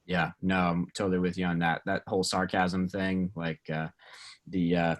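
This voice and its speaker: Deep-voiced pastor leading a casual group. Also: male voice, normal speed. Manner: relaxed, many fillers and restarts, asks the group questions. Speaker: pastor leading a teen Bible study.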